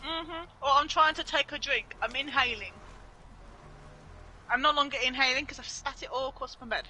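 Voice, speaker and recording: A woman's voice: high-pitched, moderate pace, pushed and bright, poor audio. A woman co-streaming a game, teasing her friend playfully and laughing often. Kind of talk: casual gaming stream chat.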